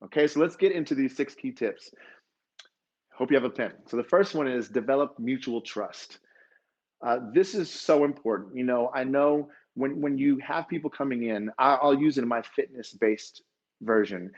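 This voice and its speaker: A man speaks at a conference in an earnest, openly emotional way, walking through stories and lessons. His voice sits at a middle pitch. The sound is dull and a little lo-fi. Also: moderate pace. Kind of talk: motivational talk.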